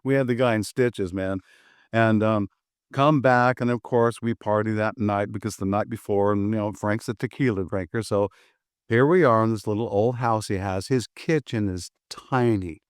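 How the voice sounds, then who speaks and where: A man's voice: lowish voice, moderate pace, smooth, dry recording, clean studio sound. An older American man, a martial arts instructor, telling a story casually and acting out both sides of old conversations. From USA.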